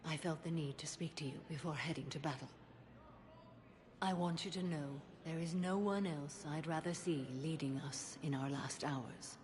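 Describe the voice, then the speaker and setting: An actress playing a stern, solemn alien warrior woman who speaks in a calm, formal, restrained way. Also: deep voice, normal speed, close to an everyday voice.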